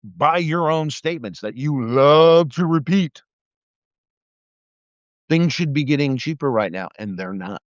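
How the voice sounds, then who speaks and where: Fairly high-pitched and animated, this older man takes his time and pauses often during an angry livestream rant about politics. Mocking and profane, he stammers and restarts when he gets heated. Dull, dry, lo-fi stream audio with no room sound.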